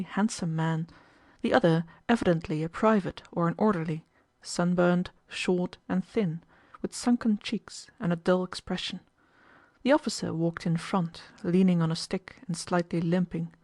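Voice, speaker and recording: Woman, audiobook narrator, steady measured reading, lowish pitch. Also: no room sound, clean studio sound.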